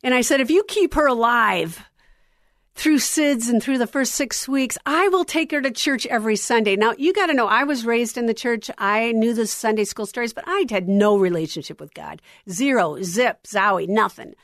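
A middle-aged woman hosting a Christian radio show, sharing her testimony in an earnest, intimate way that drops to a hush on tender lines. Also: on the high side, normal speed, dry recording, studio quality. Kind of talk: heartfelt on-air testimony.

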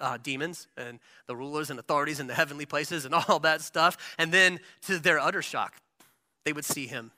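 A man preaching a Christmas sermon, impassioned, shifting from hushed lines to loud peaks, with casual asides. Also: a little high. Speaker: pastor.

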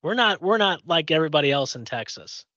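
A man's voice: on the high side, animated, fairly quick, pushed and bright, dry recording. Podcast co-host, male, from Indiana, rambling casual storyteller, dry dull lo-fi sound. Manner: rambling storyteller, lots of fillers and restarts. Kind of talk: casual chat.

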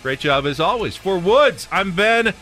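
A man's voice: high voice, a little slow, faint music behind. A man co-hosting a sports radio show, bantering casually and wrapping up the broadcast. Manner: lively, wraps up show with sign-offs. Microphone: studio broadcast mic.

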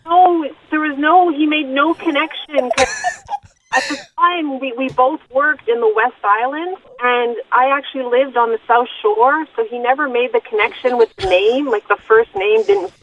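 Thirty-ish lady on the phone, high voice, tinny line, giggly storyteller. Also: normal speed. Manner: laughing, animated storyteller. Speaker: caller.

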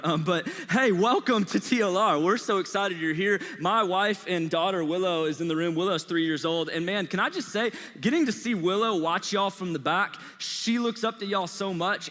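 A fairly high-voiced man in his thirties preaches to a young crowd, loose and conversational, slipping in jokes. His voice rings out with a long reverb from the church auditorium. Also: a bit bright. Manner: casual and conversational, joking with the crowd. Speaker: college ministry pastor. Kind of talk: live sermon. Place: church auditorium with a live audience.

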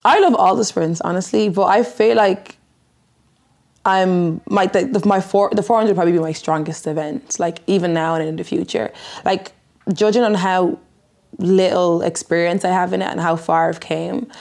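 Twenties dublin girl, lowish gravelly voice, says like a lot, just chatting. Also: fairly even intonation, moderate pace, a little mellow. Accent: Irish, Dublin. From Ireland. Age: 20s. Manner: chatty, lots of "like" fillers. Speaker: athlete interviewee. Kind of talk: casual interview talk.

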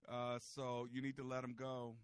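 A man's voice: mid-range voice, monotone, moderate pace, clear, resonant tone, no echo. A man hosting a call-in advice show on the radio, giving blunt, folksy, joking advice into a studio microphone.

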